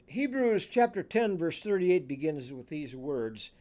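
Male pastor, higher voice, measured and emphatic sermon delivery. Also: expressive, dark tone. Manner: slow, deliberate preaching with emphatic scripture reading.

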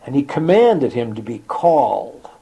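A man preaching a sermon, reading scripture aloud and explaining it, with a slow, dramatic delivery that sometimes drops to a near whisper. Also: medium pitch, big pitch swings, vocal fry, warm tone, husky, low-quality recording. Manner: reads quotations in old-fashioned scripture wording.

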